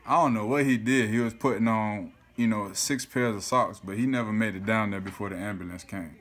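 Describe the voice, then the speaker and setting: Animated man telling a story. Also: on the low side, fairly quick. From South Florida. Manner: animated, swears often, keeps saying "you feel me". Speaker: vlogger. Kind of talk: casual storytelling to camera.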